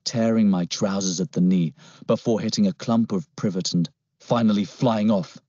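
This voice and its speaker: Husky low-voiced male audiobook narrator. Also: warm tone, no room sound. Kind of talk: first-person audiobook narration. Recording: dull lo-fi, dry recording.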